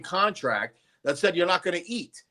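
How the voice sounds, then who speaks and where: Podcast host man, middle-aged, a bit higher-pitched, punchy and emphatic. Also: sing-song, moderate pace, bright, forceful tone. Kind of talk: casual chat.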